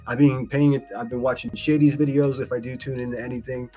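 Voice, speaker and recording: A man's voice: mid-range voice, little pitch movement, fast, mellow, faint music behind. A man hosting a casual live stream, reading chat aloud and commenting in a blunt, profane, mocking way. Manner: reads chat messages aloud. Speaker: live-stream host reacting to clips.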